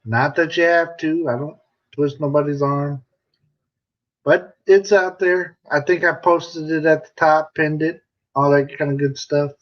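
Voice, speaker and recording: Chatty american guy doing a live stream, laid back and slow, kinda muffled stream audio. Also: on the high side, fairly even intonation. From United States. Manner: chatty and joking, reading comments aloud. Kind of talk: casual live-stream chat.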